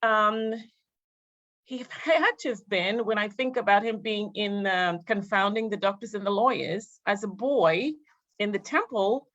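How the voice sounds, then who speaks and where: A woman's voice: mid-range voice, a little slow, fairly bright tone, lo-fi sound. A woman panelist in a casual discussion, musing aloud in a reflective way.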